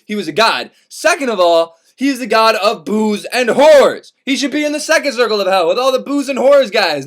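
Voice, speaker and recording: A man's voice: high voice, fairly bright tone. A man casually retelling a classic epic as comedy, profane and full of wry asides. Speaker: storyteller. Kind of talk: irreverent comic retelling of a classic.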